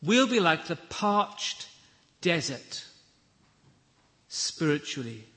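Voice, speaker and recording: A man preaching a sermon, measured and emphatic, with deliberate pauses. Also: on the high side, sing-song, pushed and bright, in a large hall.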